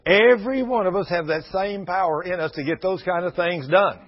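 A man's voice: high voice, fairly quick. An older man, preaching a sermon in a folksy storytelling manner, acting out the people in his stories. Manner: folksy storytelling with quoted voices. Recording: dull lo-fi radio broadcast.

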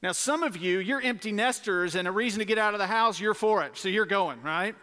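A man's voice: high-pitched, brisk, sharp tone, in a large hall. A man preaching to families and children, emphatic, repeating key words and calling for responses. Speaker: pastor. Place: church sanctuary.

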